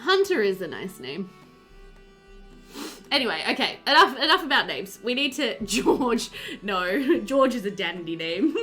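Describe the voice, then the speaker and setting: A woman's voice: a little high, sing-song, a little slow, pushed and bright, soft background music. A young woman streamer chatting casually with her viewers, reading their messages aloud and laughing often. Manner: giggly, chatty, reads chat aloud. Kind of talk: casual chat with live chat.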